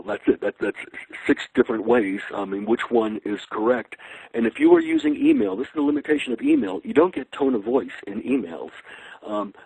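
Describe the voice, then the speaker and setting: A man's voice: medium pitch, creaky, a little mellow, slightly rough, no room sound, poor audio. A man giving a webinar talk on leading change, asking the audience rhetorical questions, with many fillers and restarts. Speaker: guest speaker on leadership.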